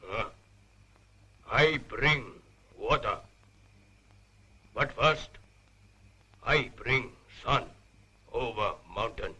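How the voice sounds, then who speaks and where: An actor playing a solemn old chief who speaks in short, clipped phrases in an old puppet show. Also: male voice, medium pitch, drawn-out words, long pauses, bright, forceful tone, husky, heavily acted, rough recording. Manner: broken, clipped phrasing, grave. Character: solemn, slow-spoken old tribal chief. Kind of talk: 1960s TV puppet show acting. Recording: old TV soundtrack with music underneath.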